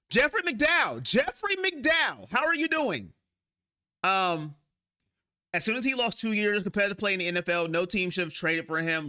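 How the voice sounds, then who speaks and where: A man with a slightly high, piercingly sharp voice hosts a live fan stream. He talks in an emotional, rambling way, speaking straight to his viewers as he vents. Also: smooth. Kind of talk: sports fan live-stream venting and reading chat. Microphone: own microphone.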